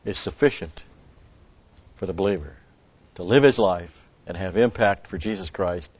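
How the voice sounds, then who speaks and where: A man's voice: low-pitched, normal speed, husky, no echo. A man giving a rambling Bible teaching, stressing key words and restarting his sentences. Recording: dull lo-fi recording.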